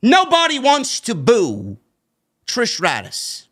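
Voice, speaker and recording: A ranting man with a New York accent, his voice high and sharply bright as it leaps all over. He reviews a wrestling show in a profane, combative way, throwing in sarcastic jabs. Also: big pitch swings, moderate pace.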